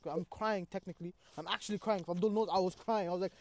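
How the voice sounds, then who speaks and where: Animated young man telling a story. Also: high-pitched, very fast, hardly any pauses, a little hiss or hum. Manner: street slang, says "bro" often; animated, acts out his own cries. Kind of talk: casual storytelling chat.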